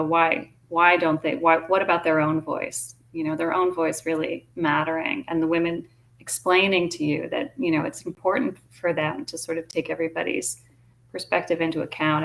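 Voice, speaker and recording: A woman's voice: low voice, vocal fry. A woman interviewer who gropes for her words and restarts phrases as she shapes her questions. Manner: searching, restarts phrases while forming questions. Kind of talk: interview conversation.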